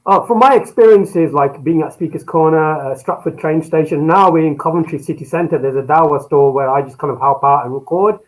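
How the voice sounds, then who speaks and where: A man's voice: fairly high pitch, brisk, hardly any pauses, low-quality recording. A man on a panel sharing his experience in an earnest, informal way. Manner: earnest, informal, uses "like" often. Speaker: panel guest. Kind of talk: casual panel chat.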